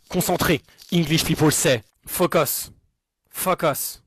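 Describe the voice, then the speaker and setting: A man's voice: a little high, dry recording. A man with a French accent in a comedic skit, mispronouncing English words on purpose and erupting in mock outrage when corrected. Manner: deliberately mangles English words, then shouts in mock outrage. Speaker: comedy video creator. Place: played from a video clip.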